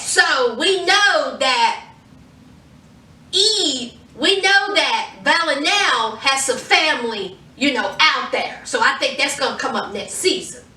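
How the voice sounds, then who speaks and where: A woman recaps a TV episode for her vlog, acting out the characters' lines as she tells the story. Her voice is high and swoops widely in pitch. She sits a little way from the mic in a room with a noticeable echo. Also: bright, forceful tone. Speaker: TV show reviewer. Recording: roomy echo, distant from mic.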